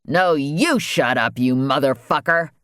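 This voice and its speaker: A man doing a loud mocking car thief. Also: mid-range voice, measured pace, clean tone, dry recording, clean studio sound, natural voice.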